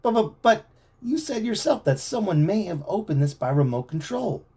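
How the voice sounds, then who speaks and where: A man's voice: on the high side, sing-song, moderate pace, dark tone, breathy edge, pitched above the performer's own voice. A man reading aloud at home, voicing a nervous teenage boy who stammers with worry. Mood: anxious. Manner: shaky, stammering. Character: nervous teen boy Chet.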